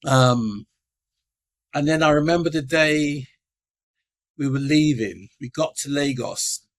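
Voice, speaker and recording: A man's voice: on the high side, slow. A middle-aged man, a podcast guest telling his life story and acting out the voices of the people in it. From England.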